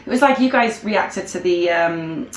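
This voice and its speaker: Chatty woman, lowish voice. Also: a little slow, a little hiss or hum. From Zimbabwe. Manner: chatty, rambling, animated asides. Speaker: co-host reacting to a video. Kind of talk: casual chat. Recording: echoey room.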